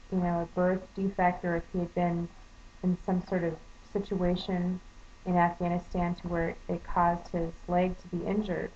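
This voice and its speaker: Brief: low-voiced woman, earnest storyteller, dull lo-fi home video sound. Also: darkish tone. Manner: earnest, indignant. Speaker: vlogger. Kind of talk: casual storytelling monologue. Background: faint storm noise.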